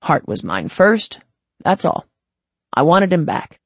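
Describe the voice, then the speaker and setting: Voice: medium pitch, big pitch swings, takes it slowly, husky, dry recording, heavily acted. A narrator voicing a weary young gang leader in his twenties who speaks in a cold growl. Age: 20s.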